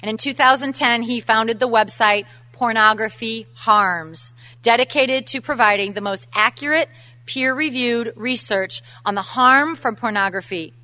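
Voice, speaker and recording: A woman's voice: a little high, unhurried, bright, forceful tone. A woman reading a formal introduction of a guest speaker at a conference. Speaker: event host introducing a speaker.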